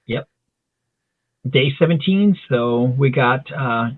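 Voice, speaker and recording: A man's voice: medium pitch, expressive, takes it slowly, long pauses, no room sound. A man in casual chat, walking through his comic pages and lightly acting out the characters' lines. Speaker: artist co-host. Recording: tinny phone-like dry sound.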